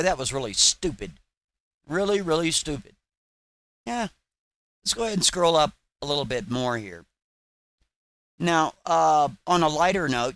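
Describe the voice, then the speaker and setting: A man's voice: fairly high pitch, fairly bright tone, no echo. A man hosting his own channel, delivering a combative, sarcastic rant full of repeated taunts. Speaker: channel host. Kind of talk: ranting livestream commentary.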